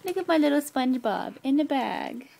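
A woman's voice: high-pitched, animated, normal speed, creaky, a little mellow, slight background noise. A woman filming her pet at home, talking to it in doting baby talk and laughing often. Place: home bedroom with a TV playing.

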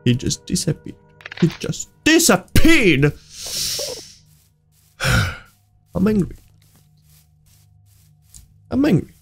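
High-pitched guy, slow and jumpy, freaking out at a horror game. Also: creaky. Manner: excitable, yelps and laughs, non-native phrasing. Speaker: gaming YouTuber. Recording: faint music behind.

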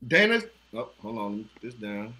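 A man's voice: on the low side, very animated, brisk, background noise. A man hosting a casual trivia night over a video call, teasing players and laughing often. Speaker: trivia host. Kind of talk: casual online game hosting. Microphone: video call mic.

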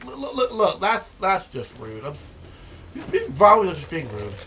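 Male let's-play host, sharp, bright voice, profane and excitable, prone to yelling. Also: high voice, normal speed, slight background noise. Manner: profane, excitable, shouting outbursts and repetitive rants. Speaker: gaming video host.

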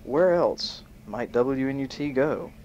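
A man hosting an amateur home-made show, reading a list aloud in a mock-serious way and punching the quoted bits loudly. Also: medium pitch, expressive, takes it slowly. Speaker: host. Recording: muffled home tape with faint hiss.

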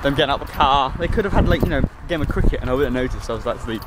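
A man's voice: mid-range voice, rapid-fire. Rambling young man vlogging outdoors. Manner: rambling, playful, tired. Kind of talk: casual vlog chat. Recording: loud outdoor noise.

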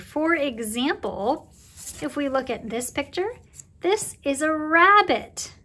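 A woman leads a preschool lesson in a high, bright voice. She speaks slowly and encouragingly, as if to small children. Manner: cheerful, slow and encouraging, talking to young children. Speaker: preschool circle time teacher.

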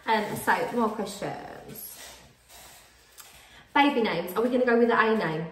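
A woman's voice: on the high side, a little slow, long pauses, distant mic. Chatty woman, echoey room. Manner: chatty, giggly, rambling. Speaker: YouTube host. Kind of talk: casual couple chat.

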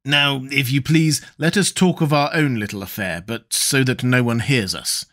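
A man's voice: medium pitch, moderate pace, a bit bright, close to an everyday voice. A man voicing a blunt, plain-spoken adult Canadian harpooner in an audiobook.

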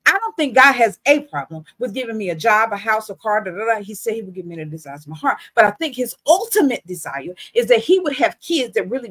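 Woman, husky faith testimony, candid and chatty, dry close sound. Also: a little high, fast talker, hardly any pauses, no echo. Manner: candid, conversational, lively storytelling. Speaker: Christian beauty vlogger.

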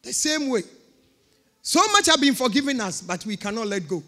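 A woman's voice: fairly high pitch, lively intonation, moderate pace, pushed and bright. A woman pastor preaching a sermon with emphatic, repeated phrases. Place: church. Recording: long reverb of a church hall.

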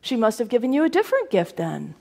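A woman's voice: a little high, huge pitch swings, quick pace, vocal fry, darkish tone, full character voice. A wise talking cow reasons kindly with a boy in a storybook voice, as a woman puts it on. The voice stays close to the teller's own, with a friendly, patient ring. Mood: reasoning.

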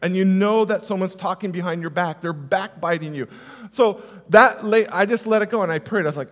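A man's voice: high voice, a little fast. A male pastor giving a conversational sermon with personal stories, stressing key words by repeating them. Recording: reverberant hall.

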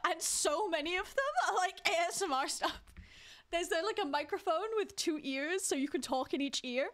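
A woman's voice: very high voice, expressive, normal speed, a bit bright. A woman streaming a game live, chatting casually with viewers and teasing them as she plays. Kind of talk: casual live-stream chat while playing.

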